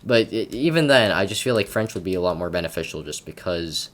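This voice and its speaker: A man's voice: deep voice, expressive, fairly quick, fairly bright tone. A man from Canada giving casual gameplay commentary at his computer, rambling and stammering with lots of repeated words and self-mocking asides. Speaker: gaming commentator.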